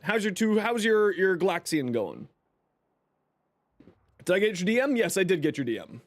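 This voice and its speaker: Upbeat man hosting a gaming stream; bright high voice that swings a lot, chatty and friendly with chat. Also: unhurried, no room sound. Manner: greets chat by name, lively and upbeat; eating while talking. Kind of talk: casual live stream chat.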